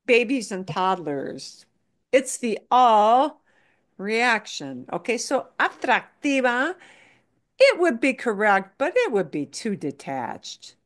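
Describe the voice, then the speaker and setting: A woman teaching Spanish at an unhurried pace, switching between English explanations and Spanish examples. She drills words by saying them again and again, patient and steady. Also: on the high side. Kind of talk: online language class.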